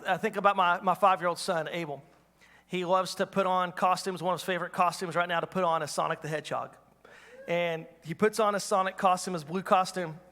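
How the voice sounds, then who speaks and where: A man's voice: high-pitched, bright, forceful tone, big-room sound. A man in his thirties preaching a sermon, earnest and repetitive, asking the congregation questions. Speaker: pastor. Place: church hall.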